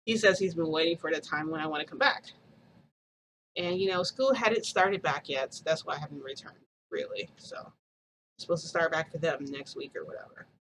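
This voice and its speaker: A woman vlogger telling a story to her viewers in a chatty, animated way, acting out quoted dialogue. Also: deep voice, a little fast, a little hiss or hum, poor audio.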